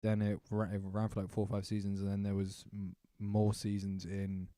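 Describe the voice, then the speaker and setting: A man's voice: lowish voice, completely flat delivery, normal speed, warm tone, no echo. Guy rambling on a podcast, dry close sound, loose and chatty. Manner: rambling, laughing, sweary. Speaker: podcast co-host. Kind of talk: casual chat.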